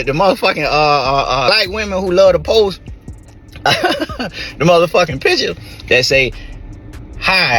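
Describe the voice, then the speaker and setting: In a played clip, a rapper rants to camera, laughing between lines and swearing in nearly every one. His voice is a little high with a fairly bright tone.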